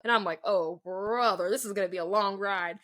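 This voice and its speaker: This young woman co-hosts a podcast, and her voice sits mid-range with a brisk pace as she tells a story casually. She animatedly voices the quoted dialogue, peppering it with "like" again and again.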